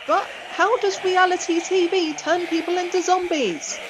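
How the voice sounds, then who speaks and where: A woman voicing a naive bandmate who asks wondering questions in a high voice. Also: steady tone, moderate pace, background noise. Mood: puzzled. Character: naive puzzled bandmate who keeps pondering.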